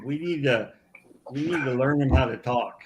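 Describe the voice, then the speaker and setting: A matter-of-fact man from California explains things plainly in a casual group chat. His voice sits at a middle pitch for a man. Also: normal speed, over a noisy crowd.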